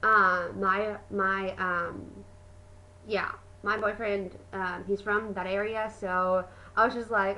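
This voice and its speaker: A young woman gushing excitedly in a casual video review, full of fillers and exclamations. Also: mid-range voice, slow, rough recording. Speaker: book and movie vlogger.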